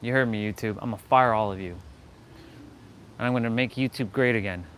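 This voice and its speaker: A man's voice: medium pitch, a little fast, fairly bright tone, slight background noise. Rambling, joking man on a fitness livestream. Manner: rambling, joking, loose and chatty. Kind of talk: casual livestream chat.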